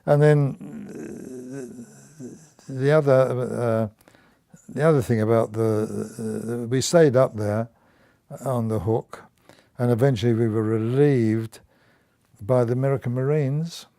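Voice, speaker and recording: Older man, veteran, oral history interview, dark mellow voice, chuckles and restarts. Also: medium pitch, steady tone, slow pace, creaky. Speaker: Korean War veteran.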